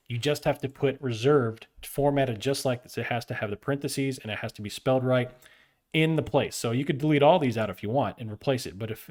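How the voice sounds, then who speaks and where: Man, mid pitch, relaxed tutorial host, informal and conversational with filler words. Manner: loose, chatty explaining with slang and fillers. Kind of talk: casual screen-share tutorial.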